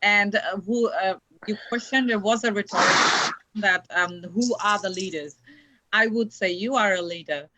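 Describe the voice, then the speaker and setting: A man speaking as a panel guest, hesitant and filling pauses with "uh" and "um". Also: sits high, noisy background. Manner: hesitant, many fillers. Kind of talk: casual discussion.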